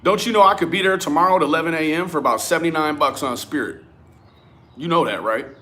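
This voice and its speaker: A man giving a profane, animated rant to his viewers. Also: fairly high pitch, fast. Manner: animated, swearing, talks straight at viewers. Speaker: commentary vlogger. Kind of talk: profane ranting commentary.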